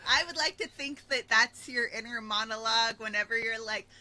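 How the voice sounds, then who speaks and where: A woman co-hosting a casual podcast, playful and quick to laugh. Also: fairly high pitch, sharp tone, low-quality recording. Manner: giggly, playful. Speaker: podcast co-host.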